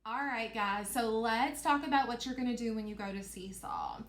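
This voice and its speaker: A woman's voice: a little high, big pitch swings, moderate pace. A woman teacher leading a recorded reading lesson for young children, with an encouraging, sing-song manner. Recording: echoey room with faint noise.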